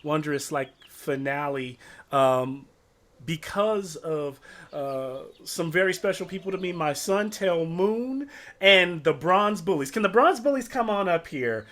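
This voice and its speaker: A man's voice: a little high, lively intonation, unhurried, fairly bright tone, voice pushed up. A man doing a showy festival announcer lady. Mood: announcing. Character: proud festival host woman, grand and theatrical.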